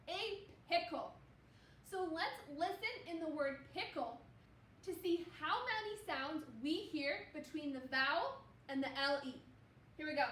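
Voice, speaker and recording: A young woman teaching second graders phonics in a slow, sing-song way, sounding out words for the children. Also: high voice, expressive, a bit bright, roomy sound, far from the mic, slight background noise.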